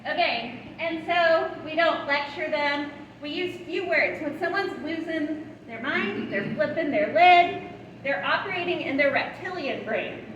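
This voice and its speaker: An animated woman in her thirties leads a parenting training, with a high voice that keeps checking in with her listeners. She is picked up from a distance in a big, reverberant hall. A steady background noise sits under her voice. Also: a little slow, highs cut off. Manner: animated, checks in with the audience often. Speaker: parenting educator. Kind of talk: live training talk to caregivers.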